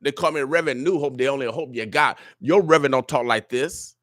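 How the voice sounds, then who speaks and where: A man's voice: medium pitch, a little fast, a bit bright, dry recording, studio quality. A man from Omaha hosting a morning radio show, preaching and motivating listeners in an emphatic, sermon-like way with repeated "oh yeah" refrains. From Omaha, Nebraska, USA. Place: radio studio.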